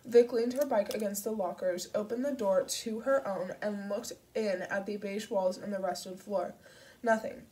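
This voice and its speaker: Brief: woman audiobook reader, steady and measured, mid-pitched, mic at a distance. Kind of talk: audiobook narration.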